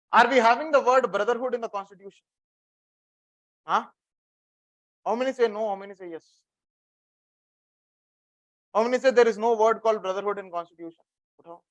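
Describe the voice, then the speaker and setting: A man's voice: sits high, a bit bright. A man with an Indian English accent teaching a classroom lecture. He repeats key phrases for note-taking and quizzes his students.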